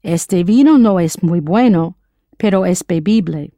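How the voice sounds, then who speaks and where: Woman, language teacher, scripted lesson, patient, spells out words, animated pitch, dry sound. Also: normal speed, dry recording.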